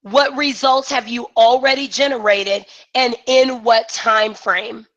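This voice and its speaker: Bright, emphatic woman coaching live. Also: a little high, takes it slowly, lo-fi sound. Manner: emphatic, excited delivery. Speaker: business coach. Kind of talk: live online coaching session.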